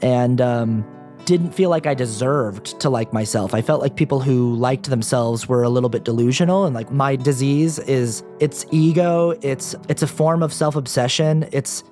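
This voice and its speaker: A man's voice: mid-range voice, normal speed, warm tone, faint music behind. A young man talking candidly as a podcast guest, earnest and self-deprecating, with casual fillers. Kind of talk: candid personal interview talk.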